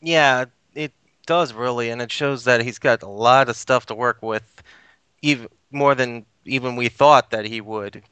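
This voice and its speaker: A man co-hosting a casual podcast, easygoing with soft laughs. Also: medium pitch, measured pace, clear, resonant tone, no echo. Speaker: podcast co-host. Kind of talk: casual chat.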